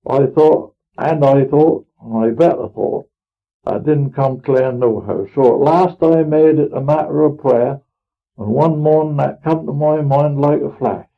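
Man voicing an elderly Norfolk farmer, gravelly voice, earnest rambling monologue, tinny old recording. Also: fairly high pitch, unhurried. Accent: rural Norfolk dialect. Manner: homely, earnest, rambling dialect speech. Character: elderly pious rustic farmer, plain-spoken. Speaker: storyteller in character. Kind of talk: dramatic monologue reading.

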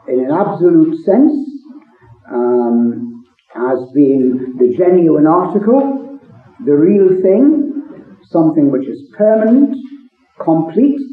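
A man in a devotional Bible discussion, expounding scripture in a measured, deliberate way. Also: fairly high pitch. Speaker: participant in a Bible reading meeting. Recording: echoey, phone-like sound.

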